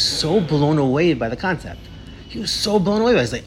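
A man teaches a casual discussion class in a quick, tumbling delivery. His voice sits a little high, and he restarts sentences as he builds stories. Faint room noise lingers behind. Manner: animated, fast storytelling with many restarts. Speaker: teacher leading a Torah discussion.

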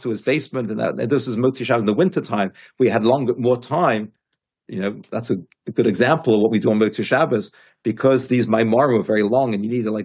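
A man's voice: mid-range voice, darkish tone, husky. A man giving a Torah class as a teacher, telling stories animatedly with frequent restarts and emphatic quotes.

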